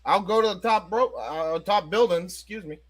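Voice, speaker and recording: A man voicing a rowdy drunk man bragging at a bar, with loud, slurred bragging. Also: sits high, normal speed. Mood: boastful.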